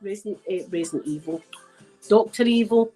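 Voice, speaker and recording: An older Scottish woman, an ASMR vlogger from Scotland, chats to camera and tells funny stories straight to her viewer, laughing along the way. Her voice is medium in pitch, fairly quick, and dark in tone, with soft music playing in the background.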